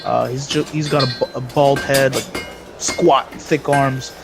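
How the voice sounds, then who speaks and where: A man's voice: mid-range voice, steady tone, a little slow, creaky, background noise. A man narrating a tabletop game as game master, rambling with many fillers and restarts.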